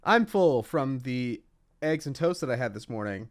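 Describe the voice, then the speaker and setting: A man's voice: medium pitch, expressive, moderate pace. A young man co-hosting a casual podcast, rambling with lots of fillers and laughing easily. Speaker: podcast co-host.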